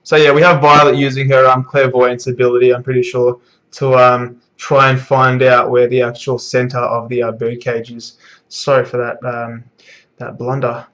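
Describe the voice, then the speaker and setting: A man's voice: medium pitch, monotone, moderate pace, fairly bright tone. A man giving a casual live reaction to a manga chapter, rambling with frequent fillers and swearing. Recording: dull lo-fi recording.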